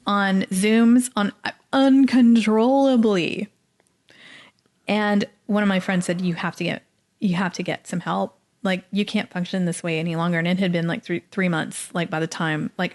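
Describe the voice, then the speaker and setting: A middle-aged woman from Dallas, Texas, telling her story as a podcast guest, animated and acting out the people she quotes. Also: lowish voice. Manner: animated, acts out quoted voices. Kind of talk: casual storytelling interview.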